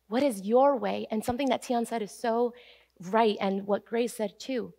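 A woman pastor preaching a sermon in an earnest, emphatic way, slowing down to stress key phrases. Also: on the high side, fairly even intonation, gravelly, mellow. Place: church sanctuary.

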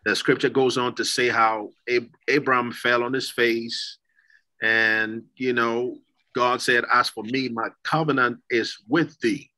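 A man's voice: medium pitch, little pitch movement, unhurried, pushed and bright, poor audio. A man hosting a church talk show, reading scripture aloud and then putting a question to his guest. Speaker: host.

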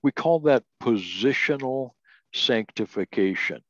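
An older man giving a slow, deliberate Bible doctrine lesson, reading scripture aloud and often restarting with "uh". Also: medium pitch, animated, no echo. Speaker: Bible teacher. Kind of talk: recorded doctrine lecture. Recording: dull lo-fi audio.

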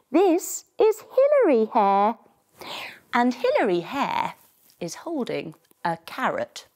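A woman leading a children's yoga story, telling it in an animated way with playful sound effects. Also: a little high. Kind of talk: guided kids' yoga story.

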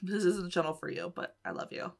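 A woman hosting a reaction video, excitable and rambling, often exclaiming and laughing. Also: lowish voice, fast, gravelly, a little hiss or hum. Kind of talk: casual reaction commentary.

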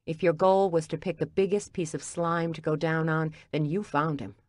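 A woman's voice: low-pitched, little pitch movement, moderate pace, no room sound, studio quality, lightly acted. A woman reading as a brusque, bitter man in an argument. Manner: brusque and cutting. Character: angry wounded man arguing with his ex.

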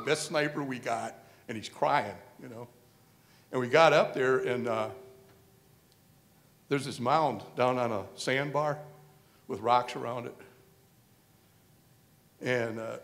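A man giving a convention speech, telling a rambling, folksy war story with many fillers and acted-out quotes. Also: mid-range voice. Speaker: convention speaker. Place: convention hall.

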